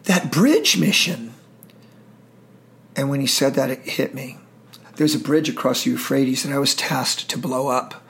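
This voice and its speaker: A man's voice: medium pitch, flat delivery, normal speed. A middle-aged man telling war stories in an interview, intense, emotional and profane. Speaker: guest, military veteran. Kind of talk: storytelling interview.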